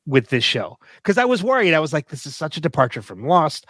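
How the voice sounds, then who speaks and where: A man's voice: a little high, very animated, brisk, fairly bright tone, no room sound. A man co-hosting a casual podcast discussion, rambling with lots of fillers and laughing often. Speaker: podcast co-host.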